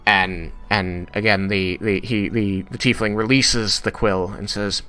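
A man narrating a tabletop game as game master, halting, with many restarts and fillers. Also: lowish voice, fairly even intonation, sharp tone, clean tone, faint music behind.

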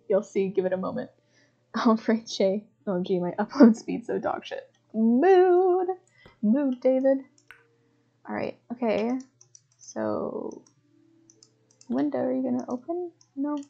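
Woman game streamer, higher-pitched, casual and profane, laughs and chats with viewers, dull lo-fi stream recording. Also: unhurried, gravelly, mellow, breathy edge. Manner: puzzled, swears, reads chat aloud, laughs often. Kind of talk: casual live gameplay commentary.

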